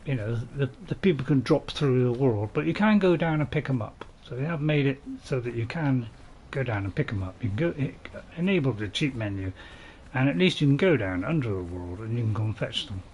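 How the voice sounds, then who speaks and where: Northern english bloke rambling through a game stream, cracks jokes, bit of faint noise behind. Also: male voice, medium pitch, lively intonation, a little fast, darkish tone, muffled recording. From North England. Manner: chatty, rambling, laughs at his own jokes; joking, chatting with viewers. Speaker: gaming streamer. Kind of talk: casual gameplay live stream.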